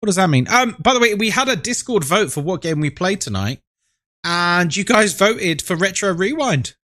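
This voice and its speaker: Lively, chatty streamer man. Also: high-pitched, moderate pace, no echo, clean studio sound. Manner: chatty, playful, affectionate teasing. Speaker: live-stream host. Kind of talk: casual stream chat greeting viewers.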